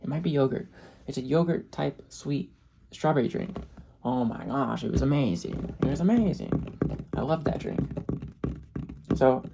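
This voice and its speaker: Gravelly, mellow ASMR storyteller. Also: medium pitch, moderate pace, long pauses, a little hiss or hum. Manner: chatty, laughs often, drops in Japanese phrases. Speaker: ASMR creator.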